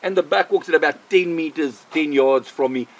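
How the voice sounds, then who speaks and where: An older man, a missionary, telling a personal faith testimony in an animated way, repeating phrases for emphasis. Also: on the high side, normal speed, rough recording. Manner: animated, vivid storyteller who repeats himself for emphasis.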